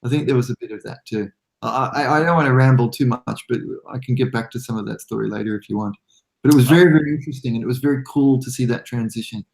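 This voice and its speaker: A man's voice: mid-range voice, fast talker, gravelly, a little mellow. Rambling Australian man telling stories. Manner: rambling storyteller, frequent restarts and self-deprecating laughs. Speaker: guest modeler. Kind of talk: casual podcast chat.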